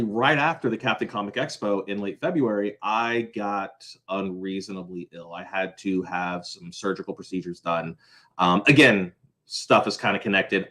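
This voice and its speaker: A man's voice: on the low side, a bit bright. Rambling apologetic man in a vlog. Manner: rambling, apologetic, many fillers and restarts. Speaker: host of a small crafts business channel. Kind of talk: casual vlog update.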